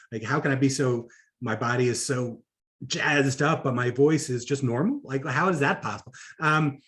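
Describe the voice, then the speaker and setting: A man giving a conversational conference talk on public speaking, animated, with frequent fillers and asides. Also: medium pitch.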